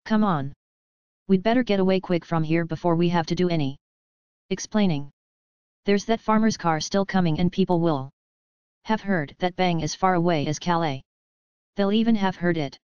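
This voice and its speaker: A very smooth, clean storyteller's voice reading a children's adventure in an even, measured way. The sound is dry and a little dull, close to the mic with no room around it. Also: mid-range voice, no room sound. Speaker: audiobook narrator. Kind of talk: scripted storybook narration.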